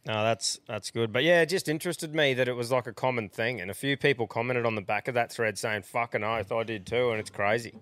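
Smooth-voiced Australian bloke in casual banter. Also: male voice, medium pitch, fairly quick, hardly any pauses, a bit bright, dry recording. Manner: laid-back, sweary banter. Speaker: podcast co-host. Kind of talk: casual chat.

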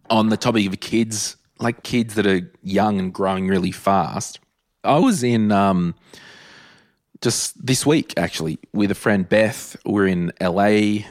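A man with an Australian accent talks casually to his listeners as a podcast host. His voice sits very low, and the sound is dry and close. He is chatty and emphatic, hammering his points home by repeating them. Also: a little mellow, no echo. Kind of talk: casual solo podcast talk.

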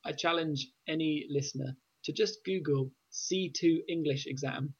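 A man chatting on a podcast, making his points in a measured way. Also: fairly high pitch, breathy edge. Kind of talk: casual chat. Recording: muffled, dull lo-fi sound.

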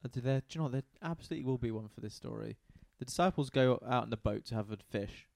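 A man, casually retelling a Bible story in a deadpan, joking way. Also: medium pitch, rapid-fire, gravelly, dry recording. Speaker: podcast co-host retelling Bible stories. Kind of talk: casual comedic chat.

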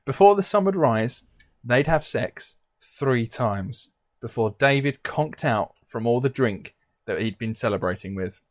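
A man co-hosting a true crime podcast, retelling the story in a loose, joking way. He laughs easily between lines. The recording is dry and close, with a middle-pitched voice. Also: lively intonation, measured pace, no room sound. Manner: chatty, laughs often, jokey. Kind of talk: casual true crime chat.

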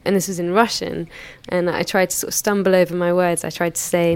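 Low-voiced woman telling a story. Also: flat delivery, a little fast, smooth. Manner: candid, chatty retelling with frequent hedges. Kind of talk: personal anecdote.

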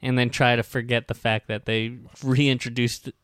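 A man's voice: mid-range voice, little pitch movement, moderate pace, fairly bright tone, clear, resonant tone, no room sound. Wry, swearing male podcast host. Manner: profane, wry, rambling. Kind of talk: casual comedic chat.

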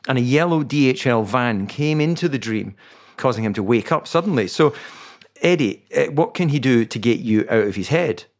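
A male podcast co-host talks in a wry, teasing manner and reads out listener questions with relaxed timing. His voice sits at an ordinary middle pitch for a man. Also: normal speed. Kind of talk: casual chat.

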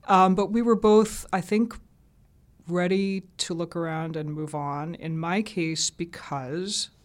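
A woman radio journalist from the American South, telling relaxed, chatty anecdotes as an interview guest. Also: fairly low pitch, takes it slowly. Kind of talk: casual interview storytelling.

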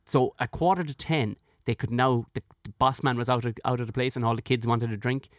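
An Irish man, a comedian, telling a rambling, animated story in casual chat, peppered with "like". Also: medium pitch, a little fast, no room sound, clean studio sound. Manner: rambling, animated anecdote full of "like".

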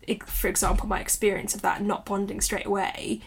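A woman's voice: medium pitch, flat delivery, fairly quick, a little hiss or hum. A woman in her thirties, a guest author and new mother, talking candidly and reflectively in an interview, often laughing. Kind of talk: conversational interview.

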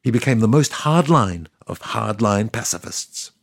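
A sardonic, talkative God tells his side of the story in a comic audio fiction. The voice is gravelly and a little husky, and the pitch swings around lively as he tells it. The recording is dry and close. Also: moderate pace, no room sound. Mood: wry. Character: God, ancient male deity, wry and chatty. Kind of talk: scripted comic monologue.

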